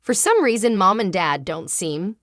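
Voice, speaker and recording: Woman telling a dramatic story, emotional and halting, swoopy voice, no room echo. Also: medium pitch, sing-song, a bit bright, clean studio sound. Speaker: narrator. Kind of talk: first-person dramatic story narration.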